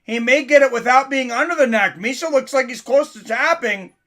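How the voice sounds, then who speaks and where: A man doing casual live commentary on a fight for his stream chat, getting louder and more excited at big moments. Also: extremely high pitch, a little fast.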